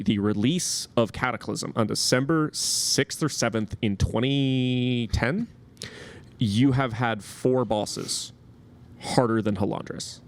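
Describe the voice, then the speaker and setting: A man co-hosting a casual gaming talk show, speaking in long, analytical runs full of restarts and fillers. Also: medium pitch. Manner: rambling, many restarts and fillers. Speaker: podcast co-host.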